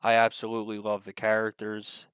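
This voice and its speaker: A man's voice: fairly low pitch, fairly quick, clear, resonant tone, dry recording, studio quality. A young man reacting to a trailer in casual commentary, rambling and swearing with many fillers, his nose stuffy. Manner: rambling, swears a lot, hesitant with many fillers, swings to excited bursts. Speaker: video creator reacting to a trailer.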